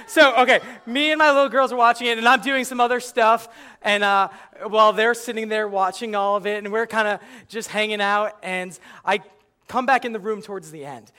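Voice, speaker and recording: A young man performing a stand-up comedy routine, telling animated stories and acting out his own reactions. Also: high voice. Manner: animated storytelling, acts out yelling at the screen.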